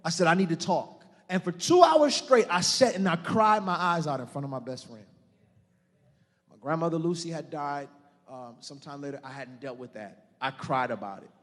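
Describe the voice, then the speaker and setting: Fervent preacher, man, high voice. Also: normal speed. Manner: fervent preaching, addresses the congregation directly. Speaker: pastor. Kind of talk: sermon. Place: church. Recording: long reverb of a church hall.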